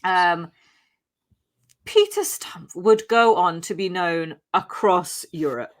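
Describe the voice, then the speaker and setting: A woman's voice: fairly low pitch, takes it slowly. A woman hosting a podcast, telling a true-crime story in a casual, chatty way with many asides and fillers.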